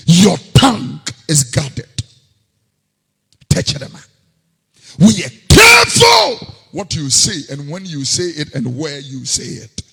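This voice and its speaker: A Ghanaian-accented man preaching a sermon, moving between quiet scripture reading and sudden sing-song shouts. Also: a little high, breathy edge, big-room sound.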